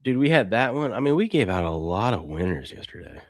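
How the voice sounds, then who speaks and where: Male co-host, very low pitch, dry, casual stream banter, reads chat aloud. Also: fairly quick, no room sound. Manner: reads viewer chat aloud, rambling and excitable. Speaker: sports show co-host.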